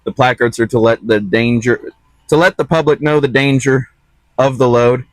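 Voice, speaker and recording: Recorded dry, a man with a medium-pitched voice speaks at a moderate pace. He's a trucking vlogger walking his dog outside a truck stop, giving casual, easygoing, rambling talk to the camera and correcting himself along the way.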